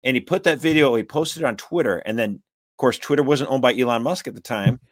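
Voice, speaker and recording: A man hosting a political talk show, speaking in an animated, emphatic and exasperated way. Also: mid-range voice, a little fast, no echo. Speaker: podcast host.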